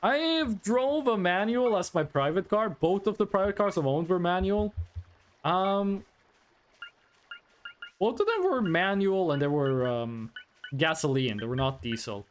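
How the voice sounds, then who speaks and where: High, lively-voiced male streamer. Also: unhurried, slight background noise. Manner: rambling, reads chat aloud, frequent ums. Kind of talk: casual live-stream chat.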